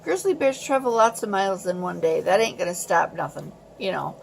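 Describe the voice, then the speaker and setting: A woman vlogger telling a story in a casual, animated and exasperated way. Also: lowish voice, fairly quick, gravelly, a little hiss or hum.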